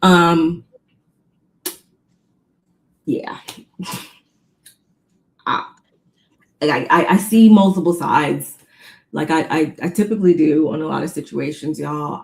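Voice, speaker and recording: A woman co-hosting a casual recap chat, retelling scenes in an animated way with quoted voices. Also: low-pitched, a little slow, gravelly, long pauses. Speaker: podcast co-host recapping a reality show.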